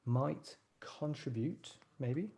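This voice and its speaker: A man's voice: mid-range voice, drawn-out words, gravelly, mellow. A man teaching a live writing class, encouraging his students and thinking aloud as he types.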